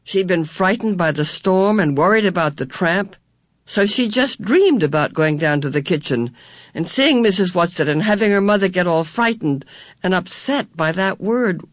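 Measured audiobook narrator. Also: medium pitch, animated, dry recording, clean studio sound. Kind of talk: scripted narration.

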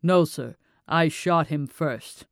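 A man voicing a male police officer giving calm, matter-of-fact testimony in court. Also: a little high, gravelly, no echo, studio quality. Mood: firm. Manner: measured, matter-of-fact answers.

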